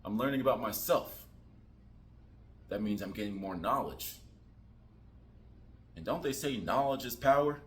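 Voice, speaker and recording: Animated goofy man vlogging. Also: fairly low pitch, measured pace, long pauses. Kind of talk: casual motivational talk.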